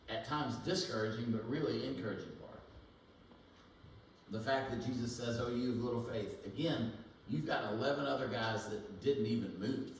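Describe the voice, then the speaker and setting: A man's voice: medium pitch, a little hiss or hum. A man preaching a sermon in a conversational, thinking-aloud way. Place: church sanctuary. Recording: echoey church room, mic at a distance.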